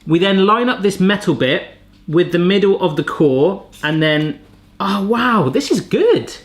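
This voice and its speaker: A man's voice: high-pitched, expressive, a little slow. A man hosting a casual gadget-testing vlog in a home kitchen, chatty and fond of puns. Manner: jokey, pun-loving, chatty. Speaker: cooking channel host.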